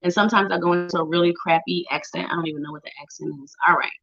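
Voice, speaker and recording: Racing along in a fairly low, creaky, slightly bright voice with fairly even intonation, a psychic reader gives tarot readings on a live show. She's chatty and playful, naming viewers directly and humming little tunes as she shuffles; the audio is dull and lo-fi.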